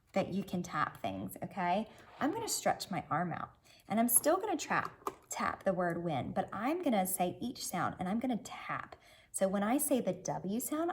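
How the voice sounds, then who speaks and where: A woman's voice: medium pitch, gravelly, slightly rough. A woman teacher leading a children's reading lesson, cheerfully prompting young learners to sound out and blend words.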